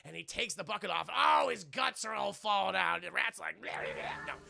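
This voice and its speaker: A man chatting casually on a livestream, retelling a film scene in an animated, profane way and laughing often. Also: high voice, fairly quick, creaky. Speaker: streamer reviewing a film.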